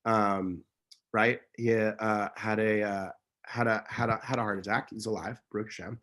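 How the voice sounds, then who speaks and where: A man's voice: on the low side, flat delivery, moderate pace, a bit bright. Man, interview guest, casual storytelling, passionate, emphatic, rambling, self-correcting.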